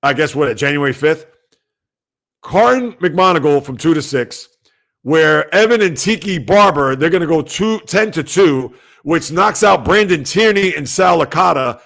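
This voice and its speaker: A man hosting a sports talk livestream at home, speaking loudly and emphatically, rambling conversationally and answering viewer comments. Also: fairly high pitch, vocal fry. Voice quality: loud, emphatic delivery. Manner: rambling, conversational, talks back to chat.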